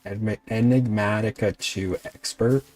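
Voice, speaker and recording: Fairly low in pitch and a little mellow, this man's steady voice moves at a moderate pace. He's a VTuber running a casual gaming livestream of a modded game, grumbling at it, bantering with his chat, and occasionally swearing.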